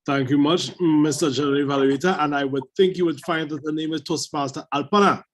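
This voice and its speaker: A man's voice: fairly high pitch, fairly even intonation, a little fast. A man evaluating a speech on a video call, emphatic and repeating his key advice.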